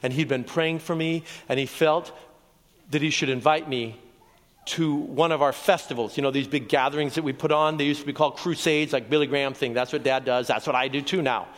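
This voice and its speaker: A man's voice: fairly high pitch, fairly even intonation, brisk, fairly bright tone. A man from Oregon preaching his testimony to a live audience, storytelling earnestly with asides to the crowd. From Oregon, USA. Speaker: evangelist preacher. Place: large hall with an audience. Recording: long reverb from a large hall.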